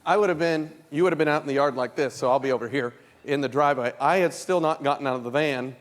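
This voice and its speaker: A man's voice: on the high side, fast talker. A man speaking at a youth convention, telling a shared story with playful, teasing interruptions. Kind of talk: storytelling with his wife on stage. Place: large convention hall. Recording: long hall reverb, faint ambience.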